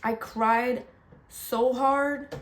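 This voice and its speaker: A woman's voice: a little high, steady tone, very slow. A young woman booktuber chatting casually, rambling and gushing emotionally about books and a film. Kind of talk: casual chat. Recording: faint background noise.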